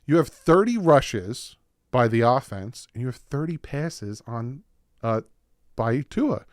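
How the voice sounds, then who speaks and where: A man's voice: medium pitch, slow pace, no echo. Hyped guy doing a football recap, kinda winded, reads off stats, mid voice, dead dry room. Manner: excited, rattles off stats. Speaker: sports video host.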